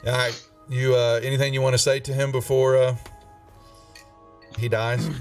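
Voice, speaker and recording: A man's voice: mid-range voice, moderate pace. A man acting as dungeon master in a live tabletop game, talking loosely with many fillers and restarts. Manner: relaxed, rambling, lots of fillers. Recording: distant mic with music behind.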